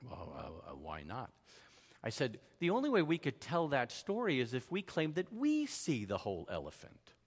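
A man telling a personal story in a sermon style, self-deprecating and animated, acting out the voices of the people he quotes. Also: a little high, normal speed, few pauses. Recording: long hall reverb.

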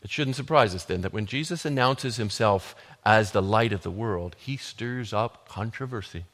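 A man preaching a sermon, building from quiet, measured lines to loud, emphatic declarations. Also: fairly low pitch. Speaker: pastor. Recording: long hall reverb.

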